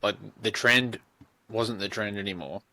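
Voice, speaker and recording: A man's voice: on the low side, unhurried, sharp tone, no echo. An Australian man in his thirties, co-hosting a podcast and telling rambling, sweary stories. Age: 30s. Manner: swears freely, rambling storytelling. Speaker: podcast co-host. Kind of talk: casual chat.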